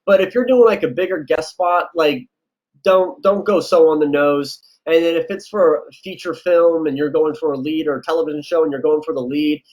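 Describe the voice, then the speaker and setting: A man with a fairly high voice gives casual advice in an interview as a casting director. He talks in a loose, conversational way, often slipping into quick back-and-forth exchanges as he tells stories. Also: rough recording. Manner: relaxed, chatty, acts out quoted exchanges.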